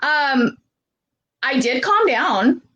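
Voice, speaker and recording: A woman hosts a casual interview and speaks slowly with a slightly high voice. She asks her questions without hurry and keeps up a steady stream of agreeing murmurs. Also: highs cut off. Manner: frequent affirming murmurs, unhurried questions. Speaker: interview host.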